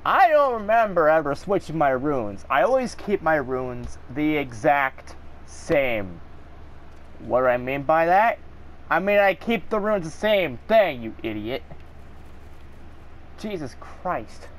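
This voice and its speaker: A man's voice: fairly high pitch, expressive, a little slow. A man giving live gameplay commentary, swearing and ranting angrily at the game. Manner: profane, angry ranting at the game. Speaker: gaming video creator.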